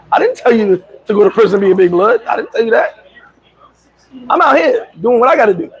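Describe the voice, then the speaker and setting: A middle-aged man telling a story casually on a livestream, boastful and animated, laughing and swearing often. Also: high-pitched, quick pace, slightly rough, poor audio. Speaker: vlogger.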